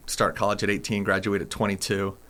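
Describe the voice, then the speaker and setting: A man in his forties, a base commander, answering interview questions in a plain, measured way with some restarts. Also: fairly low pitch, completely flat delivery, fairly bright tone. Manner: plain, measured, repeats words. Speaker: air force base commander.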